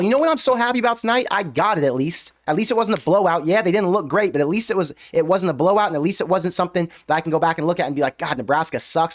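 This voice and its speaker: A young man hosting a fan reaction show, venting with emphatic rhetorical questions after a game. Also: sits high. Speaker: sports fan show host. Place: US Midwest.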